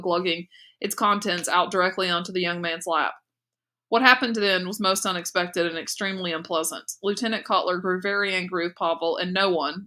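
A woman teacher reading a novel aloud in steady, clear storytelling narration. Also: mid-range voice. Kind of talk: audiobook read-aloud narration.

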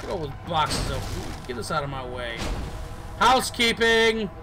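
A man's voice: mid-range voice, a little fast, over music, poor audio. A man giving casual gameplay commentary as a let's player, goofy and joking, chatting to the characters on screen. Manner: goofy, jokes and talks to game characters.

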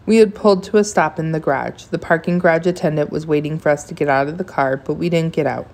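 A woman reading a children's novel aloud in a steady storytelling manner. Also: deep voice, fast talker. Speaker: reader.

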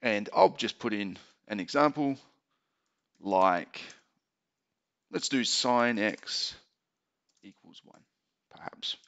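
A low, gravelly male voice walks through a maths tutorial at an easy pace, thinking aloud as he types. The recording is muffled and lo-fi, like a basic home microphone. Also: takes it slowly, long pauses. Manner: relaxed explaining, thinking aloud while typing. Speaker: maths teacher. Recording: dull lo-fi home mic.

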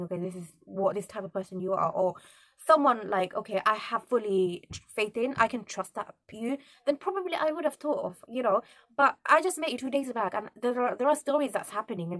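Young girl ranting to camera, keeps restarting sentences, mid pitch. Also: no echo. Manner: animated, indignant, rambling with restarts. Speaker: vlogger. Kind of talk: casual storytime chat.

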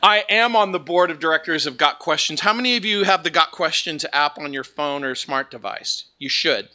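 Bright, lively man preaching a sermon. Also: fairly high pitch, moderate pace. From Southern California. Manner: joking, lively storytelling. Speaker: pastor. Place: church sanctuary.

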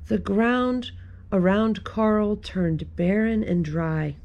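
A woman who is a children's librarian, reading a picture book aloud at storytime in a gentle, expressive way. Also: mid-range voice, slow, dull audio.

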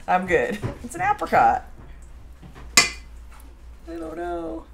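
A woman's voice: extremely high pitch, sing-song, extremely slow, creaky, noisy background. A woman hosting a casual home baking live stream, chatting and reading out viewer comments. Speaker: baking show host. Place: home kitchen.

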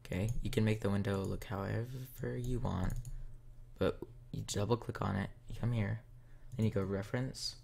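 A man's voice: fairly low pitch, steady tone, normal speed, gravelly, darkish tone, slight background noise. A man hosting a casual coding tutorial, talking step by step while he types. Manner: talks step by step while typing. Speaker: tutorial host.

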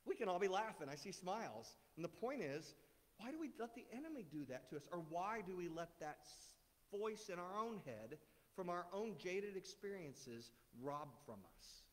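A man's voice: high voice, animated, moderate pace. Chatty, joking middle-aged man preaching. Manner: conversational, joking, full of rhetorical questions. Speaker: guest speaker. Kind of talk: sermon. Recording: long hall reverb.

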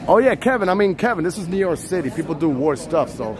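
A man's voice: fairly high pitch, expressive, fast. A man from Puerto Rico chatting playfully with viewers while walking city streets at night, filmed on a handheld phone. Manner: playful, teasing chat with viewers, bursts of loud shouted names. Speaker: livestream host. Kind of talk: live street vlog chat. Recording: faint street noise outdoors. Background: street and traffic noise.

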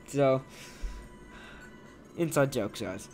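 A man doing casual let's-play commentary at a slow, unhurried pace. He jokes, swears now and then, and reads the game's text aloud, with faint game music behind. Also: fairly high pitch. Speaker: let's player.

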